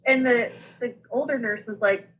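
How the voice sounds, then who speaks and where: A woman, a podcast guest telling her story in a lively, laughing way and acting out the dialogue. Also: a little high, moderate pace, breathy edge, highs cut off. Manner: animated, laughing, acts out dialogue. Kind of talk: casual storytelling.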